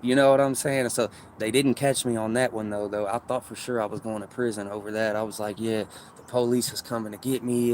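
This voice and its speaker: A man talking to his livestream chat in an unhurried, rambling way, full of profane street slang. His voice sits at an ordinary middle pitch, with a faint hum of room ambience behind him. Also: darkish tone.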